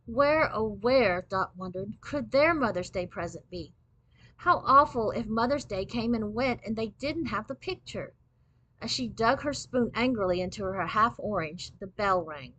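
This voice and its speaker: A woman reading a children's book aloud in clear, steady storybook narration. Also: medium pitch, normal speed, muffled recording.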